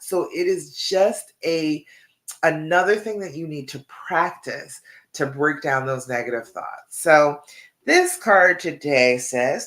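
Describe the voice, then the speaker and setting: Encouraging woman coach with a lowish voice. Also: very animated, unhurried, fairly bright tone. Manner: encouraging, repeats key points with frequent "okay?" check-ins. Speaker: relationship coach. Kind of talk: live-streamed coaching talk.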